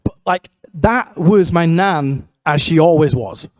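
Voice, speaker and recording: A young man, telling his life story in a church, lively and self-mocking, acting out the voices of the people in it. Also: on the high side, slow. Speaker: guest speaker sharing testimony. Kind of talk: testimony storytelling.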